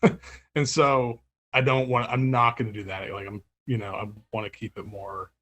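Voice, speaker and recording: A man's voice: mid-range voice, flat delivery, normal speed, a bit bright. Man, label owner, rambling chat full of fillers and little laughs. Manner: rambling, many fillers and restarts, laughs often. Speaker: label owner and music writer. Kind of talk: casual interview chat.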